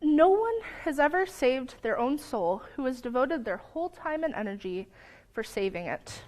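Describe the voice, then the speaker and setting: A young woman giving a sermon in a church, earnest, sometimes stumbling over her words and apologizing, lively when telling a story. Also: sits high, normal speed. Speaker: lay preacher. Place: church sanctuary.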